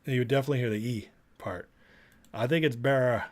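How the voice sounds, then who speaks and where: A man's voice: medium pitch, moderate pace. Chatty, rambling male livestream host. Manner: rambling, restarts, repeats himself, chatty with viewers. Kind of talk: casual live-stream commentary and closing prayer.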